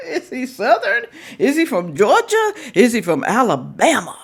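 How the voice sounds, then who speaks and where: Animated woman hosting a chatty reaction video. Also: medium pitch, measured pace. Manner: chatty, animated, talks straight to viewers, teasing. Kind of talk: casual reaction commentary.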